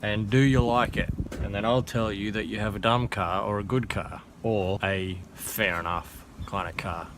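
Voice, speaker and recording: A man's voice: fairly low pitch, fairly even intonation, moderate pace, few pauses, noisy background. An Australian man who is sick with a sore throat chats casually while working under a car, full of dry, joking sarcasm. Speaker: home mechanic vlogger.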